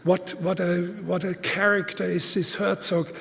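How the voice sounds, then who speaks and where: Slow, halting older man. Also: sits high, level tone, creaky, fairly bright tone. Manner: deliberate, halting, with many fillers and restarts; emphatic, repeating words for stress. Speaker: conference speaker. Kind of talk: live conference talk. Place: large auditorium. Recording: long hall reverb.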